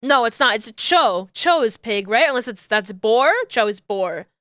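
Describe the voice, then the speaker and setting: A woman's voice: on the high side, expressive, normal speed, bright, forceful tone, dry recording, clean studio sound. A woman streamer chatting casually while she works, thinking aloud and correcting herself as she goes. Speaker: streamer rigging a 3D model. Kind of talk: casual chat while working.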